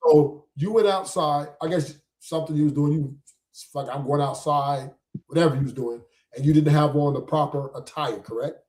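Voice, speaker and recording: A man's voice: on the high side, normal speed, a little mellow, reverberant. Insistent man hosting a debate stream. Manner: insistent, keeps cutting in to walk points through. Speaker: live stream host. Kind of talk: casual debate talk show.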